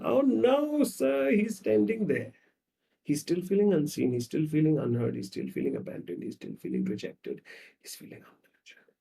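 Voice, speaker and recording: A man, a psychologist guest on a podcast, tells stories dramatically and acts out the scenes, swinging between loud and soft. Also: medium pitch, creaky. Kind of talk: podcast conversation.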